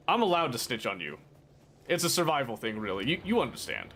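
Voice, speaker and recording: A man's voice: medium pitch, wildly swooping pitch, brisk, a bit bright, a little hiss or hum. A man streaming a game, chatting casually with his viewers in a playful, teasing and mock-dramatic way. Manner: rambling, talks to chat. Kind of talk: casual live-stream chat while gaming.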